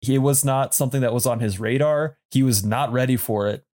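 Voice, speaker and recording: Casting: male podcast co-host, thirties, mid-range voice, halting and reflective. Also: mid-range voice, a little mellow. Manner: thoughtful, hesitant with many ums and restarts. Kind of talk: casual movie podcast chat.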